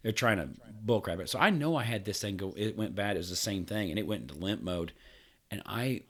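A man's voice: fairly low pitch, animated, a little fast, fairly bright tone. A man co-hosting a podcast, telling a rambling, profane story in casual chat with frequent laughs. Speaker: podcast co-host.

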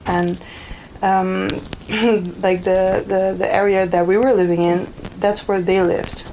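A woman's voice: mid-range voice, little pitch movement, slow, mellow, a little hiss or hum, low-quality recording. A woman from Europe, a guest telling stories in casual chat, laughing often and rambling with fillers. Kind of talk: casual storytelling.

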